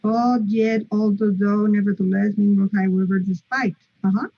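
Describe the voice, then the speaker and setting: A woman's voice: medium pitch, fairly even intonation, moderate pace, lo-fi sound. A woman teaching English grammar in an online lesson, explaining step by step with frequent "mm-hmm" and "okay" checks.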